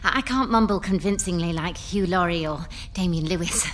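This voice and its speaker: A woman's voice: fairly low pitch, a little fast, a bit bright, lightly acted. Woman as a nervous stammering actress, hesitant, noisy recording.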